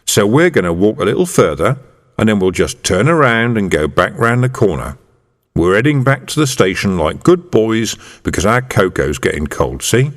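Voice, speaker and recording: A man reading an audiobook aloud, voicing a gruff, streetwise middle-aged police sergeant with dry, mock-official copper talk. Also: fairly low pitch, sing-song, moderate pace. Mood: whispered. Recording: reverberant room.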